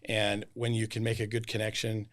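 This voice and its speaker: Male podcast host, casual and animated, jumps into voices when quoting people. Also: on the low side, moderate pace. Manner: animated storyteller acting out quotes. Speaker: roofing salesman, podcast host.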